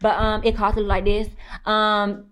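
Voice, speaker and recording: Her voice sits at medium pitch and she takes her time as a young podcast co-host. She spins animated stories in casual talk full of swearing, performing the quotes as she tells them.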